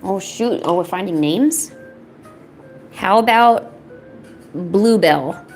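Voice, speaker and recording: A woman's voice: mid-range voice, takes it slowly, faint music behind. A woman chatting casually at home while painting, slipping into playful baby talk with her cats and teasing them. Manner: teasing, chatty, laid-back. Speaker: art streamer.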